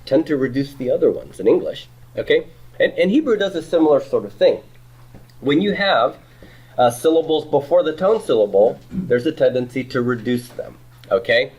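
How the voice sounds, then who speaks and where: During a Hebrew grammar lecture, a man with a medium-pitched, slightly mellow voice explains each point step by step. He tends to repeat and restart phrases, regularly asking his students "okay?" and "right?".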